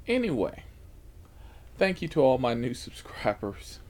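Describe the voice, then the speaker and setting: A man's voice: mid-range voice, big pitch swings, unhurried, darkish tone. A man who hosts a channel, telling stories to the camera about driving for a ride service, swearing freely, laughing, and dropping into whispered asides. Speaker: rideshare driver and channel host. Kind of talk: casual storytelling to camera.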